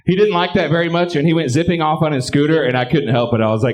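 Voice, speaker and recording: A man doing a live stand-up set and hosting, bantering crudely with the crowd and shouting his punchlines. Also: a little high, animated, moderate pace, pauses often. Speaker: stand-up comedian and show host. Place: live comedy club stage.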